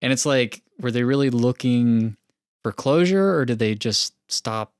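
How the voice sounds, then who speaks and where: A man chats about films on a podcast, animated and quick to laugh, his speech full of restarts and filler words. His voice sits at an everyday pitch. The sound is dry and close. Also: clear, resonant tone, no room sound. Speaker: podcast co-host. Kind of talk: casual film discussion.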